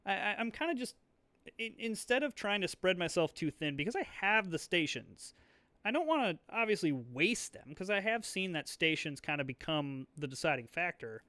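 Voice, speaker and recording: A man's voice: sits high, very animated, normal speed, pushed and bright, dry recording. A young man hosting a board game video, rambling chattily through his moves, with lots of fillers and restarts. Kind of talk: casual thinking-aloud play commentary.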